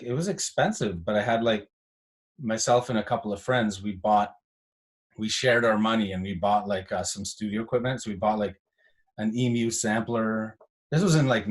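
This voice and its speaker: Male host, fairly low voice, loose rambling storyteller. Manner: rambling, animated storyteller with many "like" fillers. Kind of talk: casual chat.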